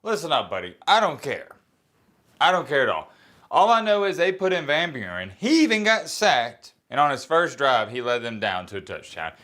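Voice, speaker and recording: With a bright, forceful mid-range voice, a man reacts to a college football game in a very animated, casual rant at a moderate pace. He's blunt and self-deprecating, rambling and restarting as he goes.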